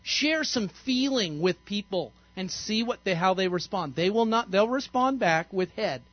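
A man's voice: high-pitched, lively intonation, moderate pace, no room sound, muffled recording. A man, a pastor, giving an interactive sermon in a conversational, playful way and quizzing the congregation. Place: church sanctuary.

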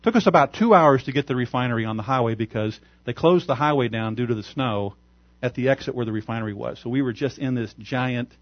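A man's voice: medium pitch, lo-fi sound. Man preaching, story-driven sermon. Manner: storytelling, animated, chuckles often. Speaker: pastor.

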